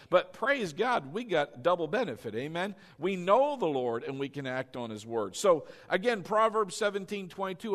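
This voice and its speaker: A man preaching a sermon as pastor, animated and coaxing his congregation to repeat lines after him. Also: fairly high pitch.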